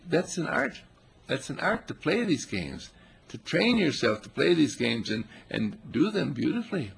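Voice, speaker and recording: Man, spiritual teacher, gravelly and raspy, lively up-and-down pitch, playful. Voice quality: gravelly, husky. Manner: playful, animated, voicing animals and quotes. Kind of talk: spiritual talk.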